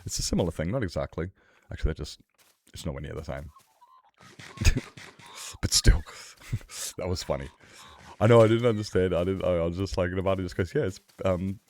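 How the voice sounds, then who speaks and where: Low, gravelly-voiced man chatting casually. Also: a little fast, long pauses, darkish tone. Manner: rambling and swearing, with frequent laughs. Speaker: streamer. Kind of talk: casual chat while playing a game.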